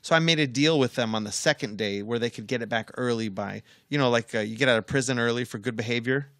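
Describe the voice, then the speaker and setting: A man's voice: medium pitch, quick pace, a bit bright, a little hiss or hum. A middle-aged man co-hosting a podcast, telling a story in casual banter, firm and swearing freely. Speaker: podcast co-host.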